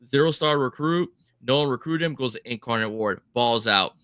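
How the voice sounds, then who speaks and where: A man from the Miami area, a podcast guest, giving quick and emphatic opinions on football. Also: mid-range voice, bright, forceful tone, smooth, no room sound. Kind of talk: casual sports chat.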